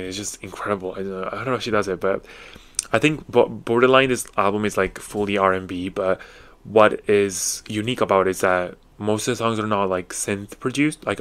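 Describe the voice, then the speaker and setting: Young man, podcast host, slightly low voice, casual music chat, enthusiastic, lots of fillers and slang. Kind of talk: casual music review monologue.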